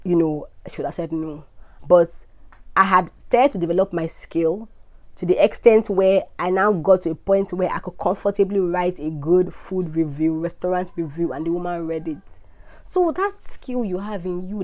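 A woman's voice: on the low side, normal speed, darkish tone. A young Nigerian woman hosting a devotional podcast, reading scripture aloud, teaching earnestly and closing in prayer. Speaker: host of a Bible devotional podcast. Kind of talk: casual Bible teaching and prayer.

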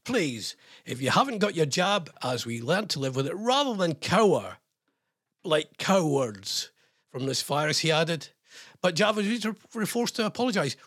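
A British man hosts a radio show from a studio, commenting on the news with mocking sarcasm. His voice is husky and sits a little high, and it swings up and down widely as he talks. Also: a bit bright. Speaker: radio presenter.

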